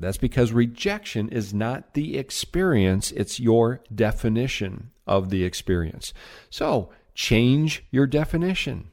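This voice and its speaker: A middle-aged man giving an energetic, emphatic motivational talk on sales, as a trainer. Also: a little slow, creaky. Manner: energetic, emphatic, varies pitch widely.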